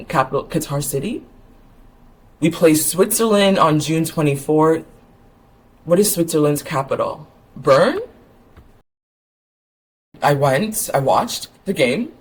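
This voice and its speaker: A woman talks straight to her viewers in a loose, rambling vlog. She jumps from thought to thought and gets excitable, then drops back into easy chat. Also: low-pitched. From Ontario, Canada. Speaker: vlogger.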